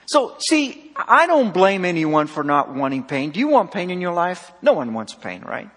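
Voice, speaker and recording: A man preaching a sermon, emphatic, swinging between loud and soft, acting out dialogue with a slightly husky voice. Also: high voice, very animated, normal speed. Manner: emphatic, rising and falling sharply, acts out dialogue. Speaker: pastor. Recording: long hall reverb.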